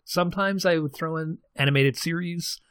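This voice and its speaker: A man co-hosts a casual podcast chat in a fairly high, slightly bright, clean voice at a moderate pace, with no echo. He rambles, pokes fun at himself and chuckles often.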